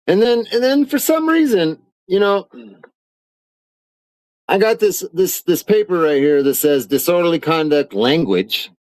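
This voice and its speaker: A man's voice: fairly high pitch, no room sound, poor audio. Indignant swearing man ranting on a live stream. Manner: indignant, swearing often, reads documents aloud. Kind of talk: angry live-stream rant. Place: home recording studio.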